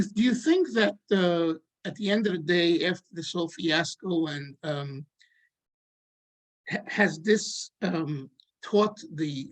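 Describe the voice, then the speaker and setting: A man interviewing a guest, asking long questions in a hesitant way, full of pauses and restarts. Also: a little high. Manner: hesitant, many fillers and restarts.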